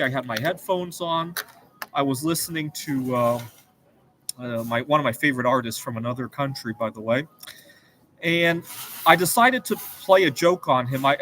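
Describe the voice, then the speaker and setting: A man's voice: a little high, a bit bright, a little hiss or hum, rough recording. A man hosting his own show, telling a personal story in a rambling, earnest casual monologue. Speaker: show host.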